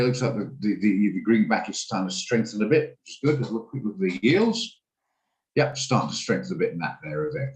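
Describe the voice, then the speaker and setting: A man's voice: lowish voice, echoey room, poor audio. Chatty man on a trading call. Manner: chatty, thinking aloud while trading. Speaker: trading room host. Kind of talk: live trading commentary. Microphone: video call.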